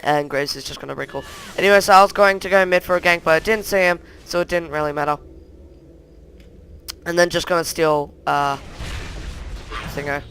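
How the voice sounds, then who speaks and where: A man's voice: on the high side, fairly even intonation, brisk, long pauses, sharp tone, a little hiss or hum. A young man casually talking through a replay of his own match, rambling play-by-play that keeps circling back with "anyway". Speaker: gameplay commentator.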